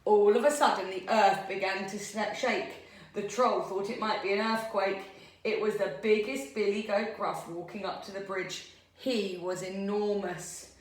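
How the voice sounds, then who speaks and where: A woman teacher reading a story aloud to young children, expressive and lively. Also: medium pitch, moderate pace, distant mic. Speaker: primary school teacher. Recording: roomy echo.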